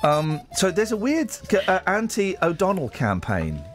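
Joking, animated male radio host. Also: sits high, unhurried, soft background music. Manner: joking, rambling, reads news aloud with asides. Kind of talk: casual radio banter. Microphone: studio microphone.

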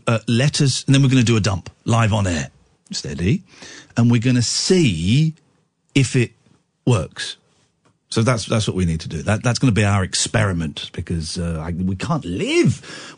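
A husky man hosts a late-night phone-in from the studio. His pitch swings a lot as he jokes and rambles, with frequent restarts. He talks in a loose, casual way. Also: darkish tone. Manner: jokey, rambling, lots of restarts. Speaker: radio host. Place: radio studio.

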